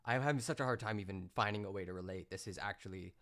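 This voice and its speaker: A man's voice: lowish voice, fast talker, a bit bright. Sarcastic male streamer. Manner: incredulous, sarcastic. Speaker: streamer reacting to a clip. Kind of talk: casual live-stream commentary.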